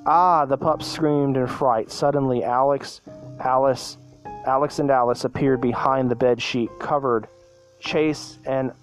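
A man reads a homemade story aloud at a plain, middling pitch. He trips over words and corrects himself mid-sentence. Faint background music runs underneath. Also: fairly even intonation, measured pace, low-quality recording. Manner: stumbling, self-correcting reading. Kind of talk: reading a fan story aloud.

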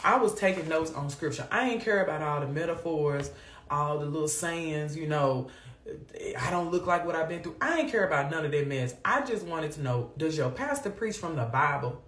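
A woman hosts a live faith talk, speaking in an animated, preachy, down-to-earth way to her viewers. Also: sits low, normal speed. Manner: animated, preachy Southern-flavored vernacular. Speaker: host of a faith livestream. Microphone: phone or webcam on a live stream. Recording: echoey room.

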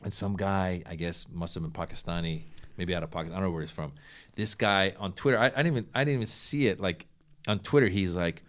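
A man's voice: low-pitched, fast talker. A middle-aged man, a comedian guest in a casual podcast chat, telling stories and acting out quotes with big jumps in voice. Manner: animated storyteller who acts out quotes loudly.

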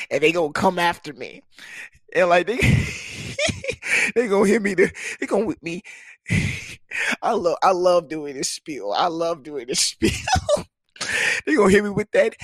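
A man's voice: a little high, sing-song, unhurried, fairly bright tone, no echo. A young man hosting a casual solo podcast, joking crudely and laughing often, close to the mic. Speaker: podcast host. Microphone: close studio mic.

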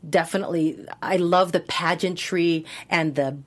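Candid woman from Hawaii, lowish voice. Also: normal speed. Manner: candid, expressive storyteller. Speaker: actress guest. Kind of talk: casual interview conversation.

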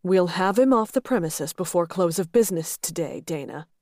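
Confident flirty exec guy read by a woman, amused drawl, kinda low, no room sound. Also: animated, normal speed, a little mellow, no room sound, clean studio sound. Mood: assured. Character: confident flirtatious male executive.

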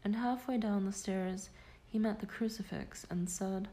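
Mellow-voiced woman reading nonfiction. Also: mid-range voice, fairly even intonation, low-quality recording. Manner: measured, deliberate reading. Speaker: audiobook reader. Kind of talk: nonfiction audiobook narration.

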